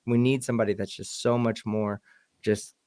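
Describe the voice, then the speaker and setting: A man's voice: lowish voice, flat delivery, normal speed, darkish tone. A man on a casual live online panel, speaking earnestly and with strong opinions. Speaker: panel guest; military veteran. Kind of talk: casual livestream chat.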